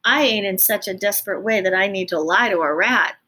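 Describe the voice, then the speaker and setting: Brief: woman reading as a rough, plain-spoken storybook prisoner, weary and blunt. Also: mid-range voice, brisk, bright, forceful tone. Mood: gruff. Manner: blunt, folksy slang.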